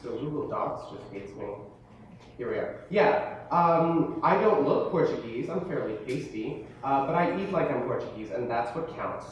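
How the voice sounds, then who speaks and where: A man's voice: mid-range voice, lively intonation, moderate pace, dull audio, a little hiss or hum. A young man in his late teens, a student giving a talk to an audience, self-deprecating and joking, with frequent stammers and restarts. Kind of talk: presentation to an audience. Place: large hall or classroom with an audience. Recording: echoey room, voice from a distance.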